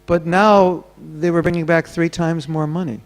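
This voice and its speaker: With a steady tone at normal speed, a man whose voice is on the high side preaches at a temple gathering. He tells stories and acts out the quoted voices within them.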